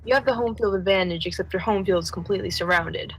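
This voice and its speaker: A woman's voice: medium pitch, fast, a little hiss or hum, close to an everyday voice, rough recording. Woman playing Roland, a blunt, stern fighter. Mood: insistent. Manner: blunt, matter-of-fact. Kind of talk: in-character tabletop role-play.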